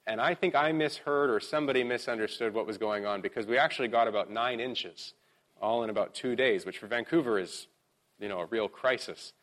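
A middle-aged man preaching a sermon as pastor, talking in a relaxed, conversational way with frequent filler words and slowing down to stress key words. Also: mid-range voice. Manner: reads slowly, with rising emphasis.

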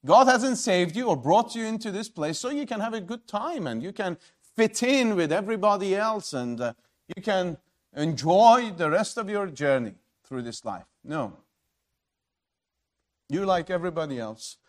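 A man preaching a sermon, emphatic and swinging between loud and hushed delivery, asking rhetorical questions and calling his listeners friends. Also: high voice, animated, normal speed.

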